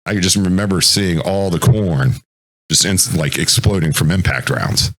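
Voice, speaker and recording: A military veteran talking casually on a podcast, telling a war story in a rambling, profane way and acting out what people said. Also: male voice, low voice, normal speed, a bit bright, husky. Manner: acts out quoted voices.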